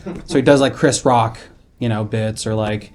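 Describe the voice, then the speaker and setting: A man's voice: medium pitch, normal speed, a little mellow, a little hiss or hum, natural voice. A man playing an upset male office worker in therapy in an improvised comedy sketch, rambling and grumbling with lots of fillers. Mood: aggrieved.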